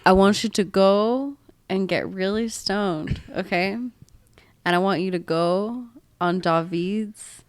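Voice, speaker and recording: A woman's voice: mid-range voice, slow, clean tone. A young woman co-hosting a casual podcast chat, blunt and swearing freely. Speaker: podcast co-host.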